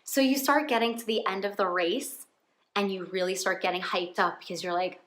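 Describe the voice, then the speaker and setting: A woman's voice: mid-range voice, a little fast, a bit bright. Earnest woman vlogging in a roomy home. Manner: earnest, heartfelt, openly emotional. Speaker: faith vlogger. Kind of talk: casual personal vlog talk.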